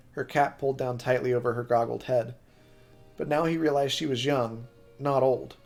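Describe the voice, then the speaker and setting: A man reading a novel aloud on a live stream, steady but with occasional slips that he corrects. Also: medium pitch.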